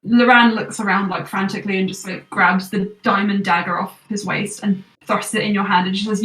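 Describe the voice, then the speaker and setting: A woman's voice: medium pitch, steady tone, fairly bright tone, distant mic. Game master woman in an echoey room. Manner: descriptive, measured narration with quick rules talk. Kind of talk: narrating a tabletop game.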